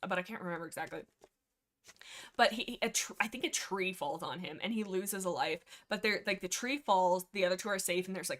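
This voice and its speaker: A young woman hosting a casual book discussion livestream, rambling and excitable, often reading passages aloud. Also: mid-range voice. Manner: rambling, excitable, lots of fillers. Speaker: livestream host discussing books.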